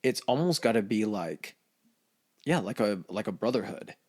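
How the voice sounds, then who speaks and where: A man with a somewhat low voice, co-hosting a podcast in relaxed, unscripted chat. He talks loosely and swears freely, padding his thoughts with "like" and quick restarts. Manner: loose and profane, with lots of filler like "like". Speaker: podcast co-host. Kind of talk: casual chat.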